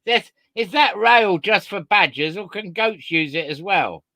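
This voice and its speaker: Lively bright-voiced man, deadpan host. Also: high voice, no room sound. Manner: mock-serious questioning, playing along. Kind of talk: deadpan comedy interview.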